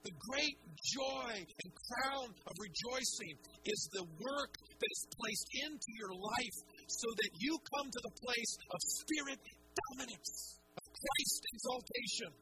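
A man preaching a sermon as pastor to a large congregation in a church, asking questions and pressing each point home. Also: very high-pitched. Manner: emphatic preaching with rhetorical questions. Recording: noisy live sermon recording.

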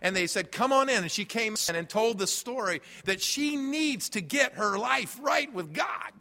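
A man preaching a sermon as a pastor, swinging between loud emphasis and quiet, low asides. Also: lively intonation, moderate pace, long reverb tail.

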